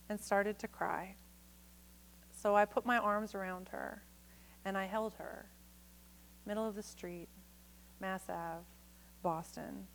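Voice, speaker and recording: A woman reads her poems from a conference stage into a microphone. She is frank and salty, and she breaks off for playful asides to the audience. Her pitch sits in the middle of the usual range. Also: creaky, fairly bright tone, slight background noise, rough recording. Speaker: poet giving a reading. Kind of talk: poetry reading with spoken asides.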